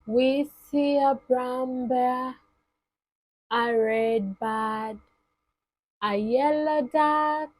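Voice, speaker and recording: A woman teaching toddlers, speaking in a slow, sing-song, exaggerated way. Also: high-pitched. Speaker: children's teacher. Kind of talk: toddler lesson.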